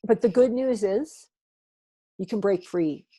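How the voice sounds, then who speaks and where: A woman's voice: mid-range voice, a little slow, mellow, slightly rough. A woman career coach talking as a guest, earnest and encouraging. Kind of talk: interview conversation.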